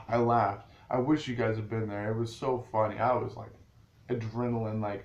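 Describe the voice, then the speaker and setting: A man's voice: fairly low pitch, steady tone, normal speed, fairly bright tone. A man vlogging straight to his viewers in a rambling, casual way, restarting his sentences often. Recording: echoey room with faint ambient noise.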